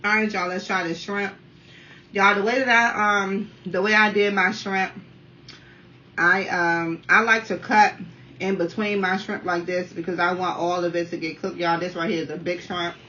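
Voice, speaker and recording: A talkative woman in her thirties from the Washington, D.C. area chats through a food review, constantly addressing her viewers. Her voice is bright and forward. The dull, slightly distant sound carries faint room noise. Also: lowish voice, steady tone, normal speed. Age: 30s. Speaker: mukbang vlogger. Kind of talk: casual chatty food review while eating.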